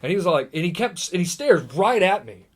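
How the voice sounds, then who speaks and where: Animated, higher-voiced man telling a story. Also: fast. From Indiana. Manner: animated, acts out quotes, many fillers and restarts. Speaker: podcast guest. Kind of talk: casual storytelling chat.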